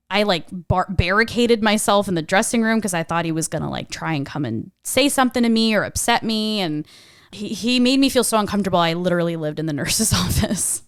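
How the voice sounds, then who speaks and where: A young adult woman co-hosting a podcast, telling a personal story in a frank, animated way. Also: fairly low pitch, smooth, no echo, clean studio sound. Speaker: podcast co-host.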